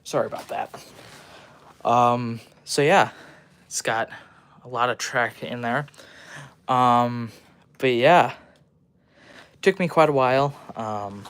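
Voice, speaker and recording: A man's voice: medium pitch, fairly bright tone, clear, resonant tone. A young man chatting casually on a livestream, rambling with lots of ums and restarts while he shows off a model he built at his workbench. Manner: rambling, full of ums and restarts, fast talker. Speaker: livestream host.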